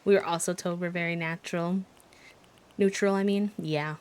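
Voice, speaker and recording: A woman's voice: fairly low pitch, steady tone, moderate pace, darkish tone, clear, resonant tone. A young woman with a Midwestern American accent, chatting casually as a streamer while playing and reading chat. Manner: chatty, thinking aloud.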